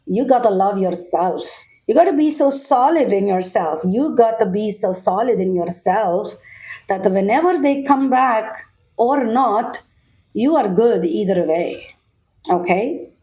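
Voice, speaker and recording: A woman's voice: mid-range voice, lively intonation, unhurried, mellow, lightly acted. A woman putting on a mock Russian accent as a firm, emphatic adult giving advice. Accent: put-on Russian.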